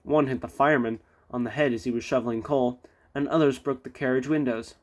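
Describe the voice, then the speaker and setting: A man's voice: medium pitch, fairly even intonation, fairly quick. A man reading a children's railway storybook aloud with little chatty asides. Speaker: storybook reader.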